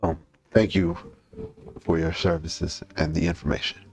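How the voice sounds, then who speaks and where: A man's voice: sits low, big pitch swings, normal speed, gravelly, a little mellow. A man speaking as a player in a casual tabletop game, stating his actions plainly.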